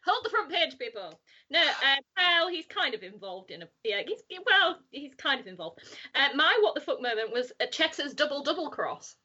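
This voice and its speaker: A woman's voice: high voice, sing-song, normal speed, pushed and bright. A woman on a podcast panel, chatting animatedly, laughing and acting out quotes. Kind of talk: casual chat. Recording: dull lo-fi audio.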